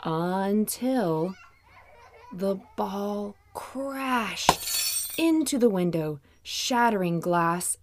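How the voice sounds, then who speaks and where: A woman hosting a children's Bible story podcast, narrating with clear, gentle, expressive delivery. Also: mid-range voice, very slow, background noise. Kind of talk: warm scripted narration for children.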